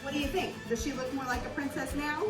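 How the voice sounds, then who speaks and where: A woman kindergarten teacher reading a storybook aloud and asking the children questions in an animated way. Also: high-pitched, quick pace, over loud music, rough recording. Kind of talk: storybook read-aloud and lesson.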